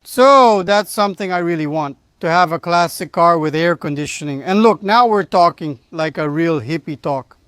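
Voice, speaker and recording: A man's voice: a little high, expressive, normal speed, hardly any pauses, a bit bright, clear, resonant tone, no room sound. A man from Brazil chatting enthusiastically about his classic car in a casual vlog. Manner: enthusiastic, chatty, says man and you know often. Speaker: car vlogger.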